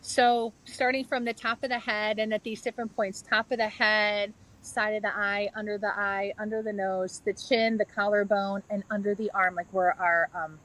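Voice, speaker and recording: A woman's voice: mid-range voice, level tone, normal speed, few pauses, a bit bright, poor audio. A middle-aged woman, a yoga therapist and author, earnestly explaining a practice step by step in a conversational interview.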